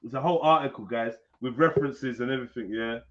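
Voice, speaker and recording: A man hosting a casual live panel, reading an article aloud haltingly with jokes, over a video call. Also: mid-range voice. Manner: joking, reads aloud haltingly. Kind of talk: casual live-stream banter. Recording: dull lo-fi stream audio.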